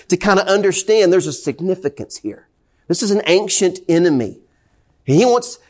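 A Southern US man preaches in a high, light voice, pressing the congregation with one question after another. His delivery stays casual and conversational, like a pastor talking straight to his church. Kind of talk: sermon. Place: church sanctuary.

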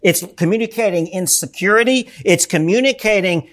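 A man's voice: sits high, animated, unhurried, a bit bright. A male pastor preaching a sermon in church, emphatic and asking the congregation rhetorical questions.

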